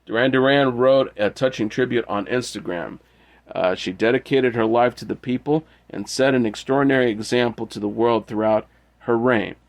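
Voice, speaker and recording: A man hosting an entertainment news show, reading out tributes in a steady, measured way. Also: mid-range voice. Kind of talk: reading news and quotes aloud.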